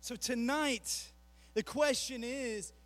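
A man preaching a sermon as a youth pastor, animated, with rapid asides between slow, emphatic phrases. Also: very high voice. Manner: animated, acts out quotes in a mocking voice.

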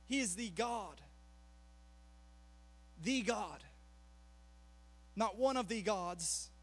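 Very high-voiced animated male preacher. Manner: animated, acts out quotes in a mocking voice; rapid asides between slow emphatic phrases. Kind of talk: sermon.

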